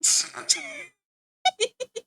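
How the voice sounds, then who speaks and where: A woman's voice: extremely high pitch, lively intonation, very slow, bright, forceful tone. A young woman streaming, chatting casually and rambling, easily sidetracked and giggling as she talks to her chat and friends.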